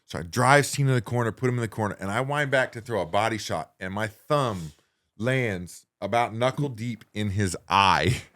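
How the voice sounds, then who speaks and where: A man in his forties, a guest on an interview show, telling a story in a lively way that swings between loud excited bursts and quiet low asides. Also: moderate pace. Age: 40s. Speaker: guest, professional wrestler.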